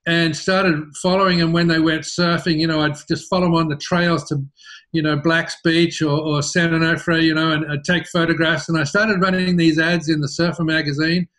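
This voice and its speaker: A middle-aged man with an Australian accent tells the story of his business as an interview guest, and his voice sits a little high. He talks in a lively way and doubles words as he starts his sentences. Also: moderate pace. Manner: animated, repeats words when starting sentences.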